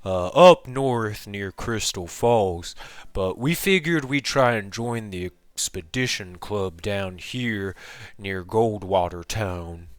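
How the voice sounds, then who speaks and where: A calm little clay creature voiced by a man speaks softly and politely in a tabletop game. It sits a touch lower and quieter than the game master's own voice, in a dry, close recording. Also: takes it slowly, no room sound.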